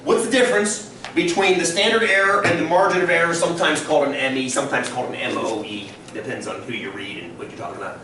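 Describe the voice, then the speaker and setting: High-voiced man lecturing in echoey classroom. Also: quick pace, hardly any pauses, far from the mic, a little hiss or hum. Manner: lively, quizzing students often. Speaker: statistics teacher. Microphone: distant room recording.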